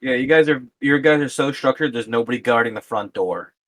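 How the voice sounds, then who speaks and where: A man playing a tabletop game, wry and quick to swear. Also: mid-range voice, a bit bright. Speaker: player. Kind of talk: casual chat at a tabletop game.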